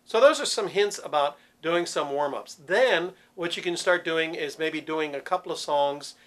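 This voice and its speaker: A man teaching church cantors vocal warm-ups, explaining patiently and demonstrating sounds. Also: fairly high pitch, moderate pace. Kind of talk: instructional talk with sung demonstrations.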